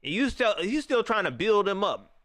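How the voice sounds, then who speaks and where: A man hosting a live reaction stream, ranting in an animated way and talking straight to his viewers. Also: high-pitched, moderate pace, no room sound, studio quality.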